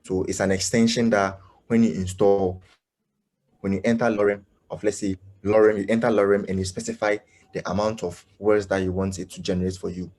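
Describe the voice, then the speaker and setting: A man teaching web development in a live online class. He speaks haltingly, with many fillers, and keeps checking whether his students understand. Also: on the low side, flat delivery, darkish tone. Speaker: coding instructor. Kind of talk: live online coding lesson.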